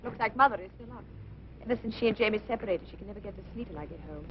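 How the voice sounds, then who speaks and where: An actress playing a sweet young woman dancer who speaks softly and politely. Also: medium pitch, very fast, background noise, natural voice. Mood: wistful. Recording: dull old film soundtrack with music.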